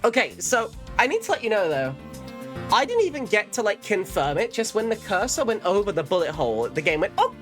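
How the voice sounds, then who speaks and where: A woman's voice: mid-range voice, sing-song, brisk. A woman streaming a game live, chatting casually and irreverently, swearing freely and reading game lines aloud. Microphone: streaming mic. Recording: game music playing behind.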